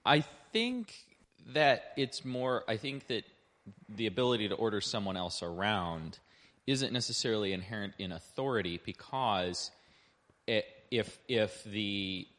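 A man in a Bible class giving a measured, hesitant comment. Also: fairly low pitch, a bit bright. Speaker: class member.

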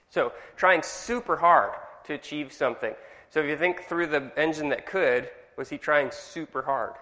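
A Californian man teaches a church study group in a bright, forceful voice. He keeps throwing questions to the room. Long reverb from the hall trails every phrase. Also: mid-range voice, moderate pace. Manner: chatty, asks the group questions. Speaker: Bible study leader.

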